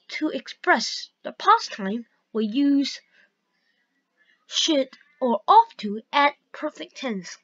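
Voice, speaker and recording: A woman teaching a grammar lesson, reading example sentences aloud slowly and carefully. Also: high-pitched. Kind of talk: slow grammar lesson narration. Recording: dull lo-fi recording.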